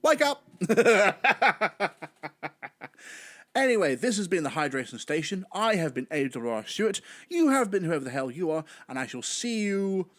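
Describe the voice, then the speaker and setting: A young man with a British accent talks through a solo podcast, rambling and chatty. His pitch leaps around with animated bursts, and the close, dry sound has almost no room in it. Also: fairly quick, hardly any pauses, dry recording. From Britain. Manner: rambling, chatty, theatrical outbursts. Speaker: podcast host.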